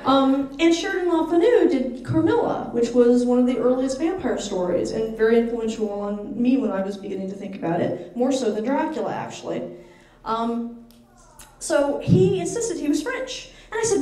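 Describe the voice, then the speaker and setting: An American woman author telling stories to a live bookstore audience, lively and animated, laughing often. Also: a little high, moderate pace. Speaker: author at a book signing. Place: bookstore event room. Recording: echoey room, distant mic.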